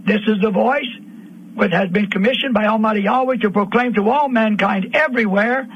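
A man preaching a fiery radio sermon, repeating lines and rising to shouts. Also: sits high, brisk, husky. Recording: dull lo-fi radio broadcast.

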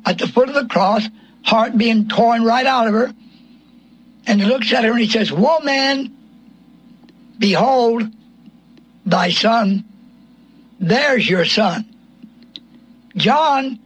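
High-voiced husky male preacher. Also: fairly bright tone, poor audio. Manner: emphatic, rhetorical questions, quotes scripture in King James wording. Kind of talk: sermon.

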